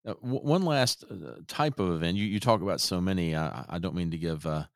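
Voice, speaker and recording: A man's voice: sits low, fairly quick, no echo, clean studio sound. A man interviewer asking questions with a hesitant, stammering delivery. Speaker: interviewer host.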